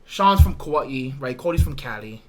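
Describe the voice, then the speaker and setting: A man's voice: medium pitch, moderate pace. A young man from Hawaii, telling a story in casual chat, acting out quotes and swearing a lot. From Hawaii, Big Island. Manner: animated storyteller, acts out quotes, heavy swearing. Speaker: podcast host.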